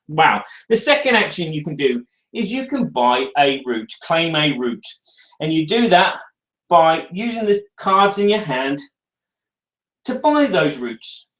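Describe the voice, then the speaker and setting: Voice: mid-range voice, echoey room. A speaker, hosting a casual live board game review and joking with viewers while demonstrating. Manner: chatty and jokey, talking to viewers while demonstrating.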